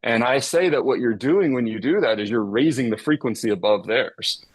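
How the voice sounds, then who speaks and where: A middle-aged man, a psychotherapist guest explaining ideas with everyday examples in a relaxed podcast chat. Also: medium pitch, normal speed, breathy edge, no echo.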